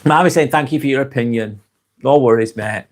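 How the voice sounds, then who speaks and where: A man's voice: mid-range voice, fairly quick. A man with a British accent hosting a casual live stream, reading out viewer comments and answering them bluntly, swearing freely and often laughing.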